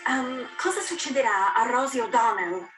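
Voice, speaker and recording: A woman with an Italian accent, playing an excited visitor from Italy who asks her question effusively. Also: a little high, fairly quick, soft background music, natural voice, rough recording.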